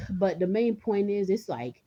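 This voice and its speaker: A woman's voice: medium pitch, sing-song, takes it slowly, mellow, husky. A woman vlogger in a casual rant, rambling and chatty, talking straight to her viewers and laughing often.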